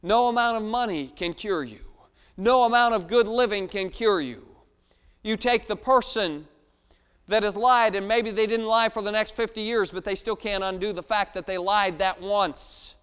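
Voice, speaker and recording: A man preaching a sermon in a church, emphatic, asking rhetorical questions and swinging between loud and hushed. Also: sits high, clean tone. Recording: long hall reverb.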